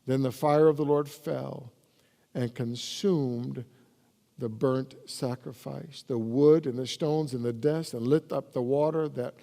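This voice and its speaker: A man's voice: mid-range voice, fairly even intonation, measured pace, gravelly, mellow. A man, the pastor, preaching a sermon and reading scripture aloud with rising emphasis. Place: church sanctuary. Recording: reverberant church hall.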